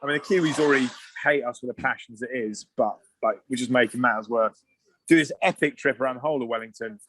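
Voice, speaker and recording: Animated man telling stories. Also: mid-range voice, fast talker, no echo. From England. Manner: animated, swearing anecdotes with asides and restarts. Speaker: guest, former rugby player. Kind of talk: casual storytelling on a podcast.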